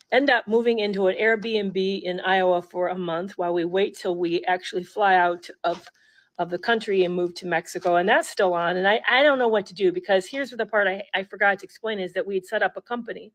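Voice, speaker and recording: A middle-aged woman telling a personal story in an earnest, halting way, often restarting her sentences. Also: medium pitch, dry recording, poor audio.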